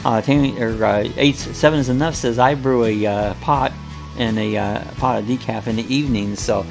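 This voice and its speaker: A man's voice: medium pitch, normal speed, creaky, over music. A man hosting a casual live coffee chat, talking in a rambling, folksy way with lots of fillers and restarts.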